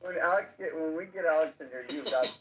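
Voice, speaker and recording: A man's voice: on the high side, a bit bright, low-quality recording. A man co-hosting a podcast, egging his friends on in casual chat. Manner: rapid, egging others on.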